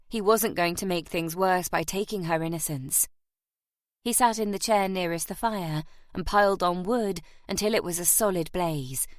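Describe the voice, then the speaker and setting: Lady reading a romance novel, lowish voice, dry close sound. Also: no room sound. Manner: measured, even storytelling. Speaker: audiobook narrator. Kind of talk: scripted narration.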